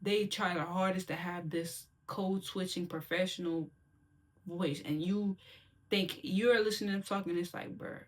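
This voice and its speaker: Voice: medium pitch, steady tone, moderate pace. A young adult from Silver Spring with a Maryland accent, giving their opinions in a candid, slangy monologue straight to the viewer. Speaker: vlogger.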